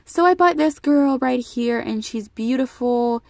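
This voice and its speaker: A woman's voice: high-pitched, measured pace, creaky, darkish tone, dry recording. A teenage girl telling a personal story to her camera in a casual vlog, emotional and rambling with frequent restarts. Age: teens. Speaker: vlogger.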